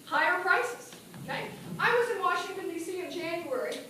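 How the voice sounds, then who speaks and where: Animated woman speaking in an echoey hall. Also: extremely high pitch, normal speed, background noise. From New Mexico. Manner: animated, asks the audience questions. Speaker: political speaker. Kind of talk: speech at a party meeting. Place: meeting hall. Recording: echoey room from a distance.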